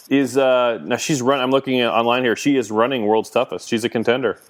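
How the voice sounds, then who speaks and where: A man's voice: medium pitch, moderate pace, slight background noise. A man hosting a casual call-in podcast chat, asking lots of curious questions. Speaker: podcast host.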